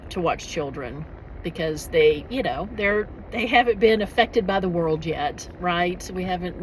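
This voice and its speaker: A woman's voice: on the low side, slight background noise, rough recording. A middle-aged woman chatting casually in a vlog, rambling with frequent restarts and laughs. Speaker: author and vlogger.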